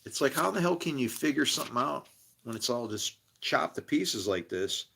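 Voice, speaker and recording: A man's voice: mid-range voice, animated, normal speed, vocal fry, sharp tone, breathy edge. A man on a rambling live stream, exasperated, swearing and laughing as he talks to his viewers. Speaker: streamer studying scripture.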